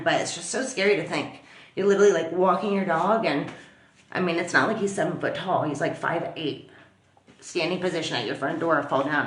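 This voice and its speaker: A woman vlogger telling a story in a chatty, animated way, full of fillers. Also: lowish voice, roomy sound. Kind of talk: casual storytelling to camera. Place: at home.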